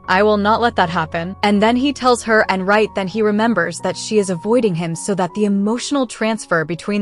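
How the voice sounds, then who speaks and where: A woman retelling a drama plot in a steady, plain narrating voice at a middle pitch. She reads the characters' quoted lines lightly rather than acting them out. Faint music plays underneath. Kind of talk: scripted narration.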